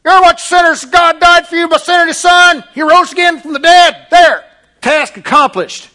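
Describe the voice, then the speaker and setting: A man voicing a loud male street preacher with a put-on Southern accent, shouting blunt warnings at sinners. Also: extremely high pitch, normal speed, pitched above the performer's own voice. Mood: hectoring.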